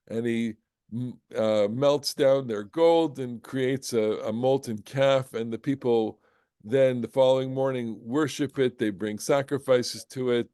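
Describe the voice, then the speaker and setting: A man teaching an informal Bible class, animated and explanatory, rising into emphatic bursts. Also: mid-range voice, smooth, no room sound, studio quality. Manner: explanatory, with many restarts and "okay?". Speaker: Torah teacher.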